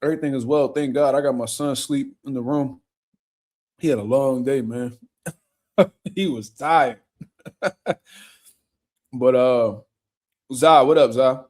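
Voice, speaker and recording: A man's voice: mid-range voice, unhurried, long pauses, darkish tone. Young man, casual livestream host, profane, laughs a lot, chatty, reads comments. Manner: loose, profane, laughing often. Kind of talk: casual livestream chat, reading viewer comments. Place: home room.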